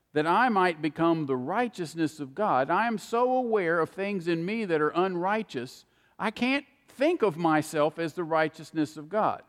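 A man preaching a sermon, repeating key words for emphasis with slow, deliberate phrasing. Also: on the high side, long reverb tail.

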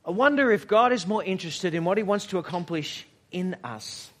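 A man preaching a sermon at a church service, measured and reflective, with dramatic pauses and moments where he drops almost to a whisper. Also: high-pitched, expressive, a bit bright. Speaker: pastor.

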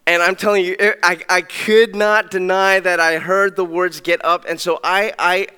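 Man, pastor, storytelling sermon, conversational, higher voice, reverberant hall. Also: moderate pace, clear, resonant tone. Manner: animated, conversational, many restarts.

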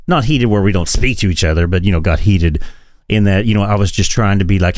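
A man co-hosting a podcast in casual political chat, profane and animated, often laughing. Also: on the low side, no echo. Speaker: podcast co-host.

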